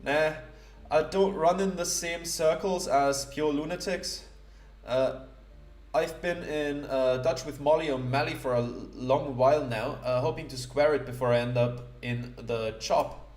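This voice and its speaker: A man voicing a cocky female Scottish jewel thief in a broad, exaggerated Scottish accent, gruff and slangy. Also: deep voice, a little slow, a little mellow. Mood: blunt. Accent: Scottish, parodied. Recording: roomy echo.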